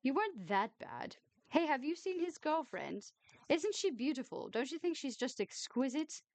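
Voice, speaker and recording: A woman's voice: sits high, big pitch swings, moderate pace, darkish tone, no echo, voice pushed up. A woman voicing a tactless, gossipy woman at a wedding, prying and gushing in a raised, emphatic voice. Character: tactless gossipy woman, early thirties, nosy.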